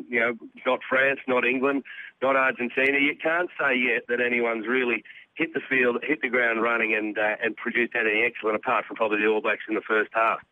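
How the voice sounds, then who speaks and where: A jovial Australian man chatting as a rugby commentator on a podcast. His voice is bright and forceful, and it sits close and dry with no room around it. He keeps the banter loose and laughs as he talks. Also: mid-range voice, dry recording, low-quality recording. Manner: jovial, laughs while talking.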